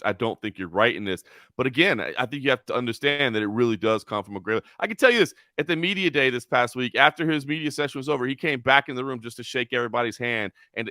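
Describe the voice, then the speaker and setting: A man co-hosting a casual sports talk show, animated and often repeating words as he gathers his thoughts. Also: medium pitch, dry recording, studio quality. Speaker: co-host, sports commentator.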